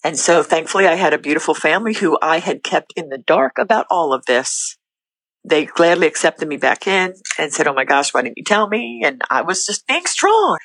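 A middle-aged woman shares her story of faith as a podcast guest, earnest and candid, her speech coming in quick bursts with little restarts. Her tone is bright and forceful. The recording is dry and close. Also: deep voice, sing-song, husky, no echo, rough recording. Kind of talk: candid personal testimony.

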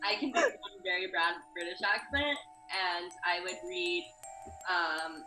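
A woman's voice: on the low side, animated, unhurried, over music. A woman co-hosting a podcast, playful and riffing, heard in an echoey room. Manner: playful, riffing with silly images. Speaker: podcast co-host. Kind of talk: casual chat.

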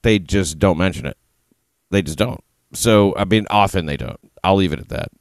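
A man hosting a podcast in casual chat, delivering commentary in a dry, sardonic deadpan. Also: low-pitched, normal speed, dry recording. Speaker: podcast host.

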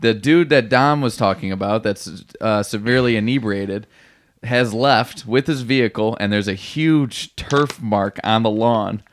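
A man co-hosting a podcast in casual chat, chiming in with quick agreement and side comments. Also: lowish voice. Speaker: podcast co-host.

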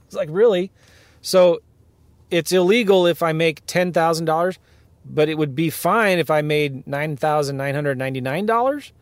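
A man hosting a podcast from his car, ranting in an animated way and firing off rhetorical questions to his listeners. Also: on the high side, moderate pace, no room sound. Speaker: podcast host, real estate investing coach. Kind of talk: ranting monologue.

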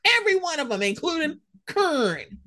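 A high-pitched woman talks through reality-show gossip in a loose podcast chat. Her voice leaps all over the place as she laughs and acts out what other people said. She is brash, slangy and playful. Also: moderate pace. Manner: animated, laughing, slangy, mimics others in quotes. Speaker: podcast co-host.

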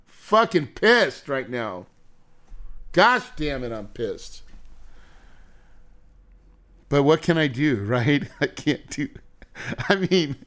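Man, podcast host, smooth clear voice, candid monologue, venting, swearing. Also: medium pitch, a bit bright. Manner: emotional, venting, swearing, laughing.

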